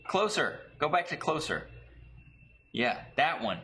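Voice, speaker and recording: Bright-voiced man telling profane stories. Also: fairly high pitch, unhurried, a little hiss or hum. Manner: profane, animated storytelling. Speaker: podcast co-host. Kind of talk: casual chat.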